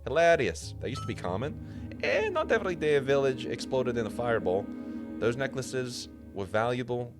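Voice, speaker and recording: A man's voice: deep voice, lively intonation, quick pace. A man voicing an ancient, chatty, boastful male skull mage who rambles gleefully and tries an accent. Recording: music playing underneath.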